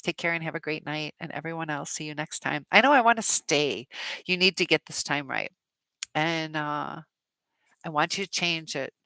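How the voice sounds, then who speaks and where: Gravelly-voiced woman chatting on a live stream. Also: deep voice, moderate pace, bright, forceful tone, no echo. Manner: rambling, many fillers, supportive. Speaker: live chat host. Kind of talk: casual live-stream chat, reading out viewer comments.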